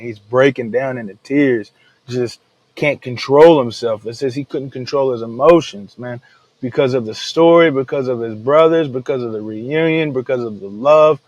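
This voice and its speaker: A man's voice: mid-range voice, normal speed, low-quality recording. A man hosting a daily Bible devotional podcast, retelling scripture in casual everyday speech and often calling listeners "man.". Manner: laid-back, says "man" often, retells the story in everyday slang. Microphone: podcast microphone.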